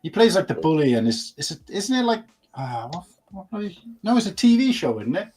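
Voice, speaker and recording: A man's voice: high-pitched, sing-song, fairly quick, crowd noise. A man co-hosting a live stream, chatting casually and rambling through restarts and fillers. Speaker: co-host.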